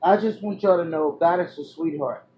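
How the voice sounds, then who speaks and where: A woman vlogger telling a personal story to her viewers, loud one moment and hushed the next, full of fillers and restarts. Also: lowish voice, normal speed, highs cut off. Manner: animated, drifts between loud exclamations and hushed asides; chatty, many fillers and restarts.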